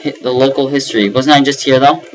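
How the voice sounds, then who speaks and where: A man's voice: medium pitch, steady tone, quick pace, muffled recording, a little hiss or hum. A young man giving nervous running commentary on a horror game, breaking into panicked repeated words and yelps. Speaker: let's play gamer.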